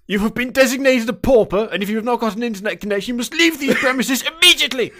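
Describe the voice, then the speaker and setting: A man's voice: high voice, lively intonation, rapid-fire, a bit bright, husky, voice pushed up, heavily acted. A man voicing a haughty Victorian shopkeeper in a mock-formal posh voice.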